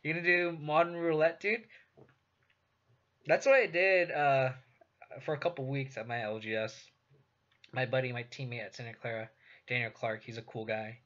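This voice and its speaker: The dull, lo-fi stream audio carries a young West Coast American man chatting casually over a card game. He speaks at normal speed with a steady, fairly bright medium-pitched tone, pausing often, and he's laid-back, swearing heavily and laughing frequently.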